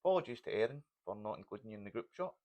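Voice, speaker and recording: Scottish male comic host, rapid casual chatter, laughs a lot. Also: lowish voice, animated. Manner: chatty, laughs often, tags lines with "man". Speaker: comedy podcast host. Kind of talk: casual chat.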